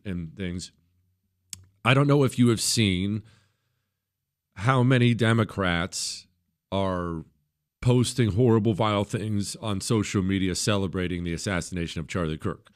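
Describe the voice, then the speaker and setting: A middle-aged man hosting a talk radio show, delivering an emphatic, opinionated monologue and jumping into high mocking voices when he quotes others.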